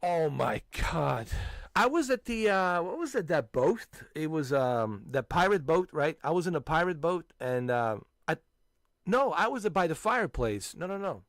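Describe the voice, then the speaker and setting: A man hosting a gaming channel, loudly swapping stories with friends and breaking into frequent laughter and exclamations. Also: a little high, very animated, normal speed, dry recording, clean studio sound. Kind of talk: casual chat with friends.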